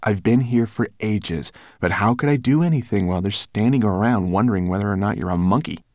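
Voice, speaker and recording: A man's voice: on the low side, fairly quick, darkish tone, no room sound, clean studio sound, pitched above the performer's own voice, lightly acted. A man voicing an earnest young boy who speaks practically and a little anxiously.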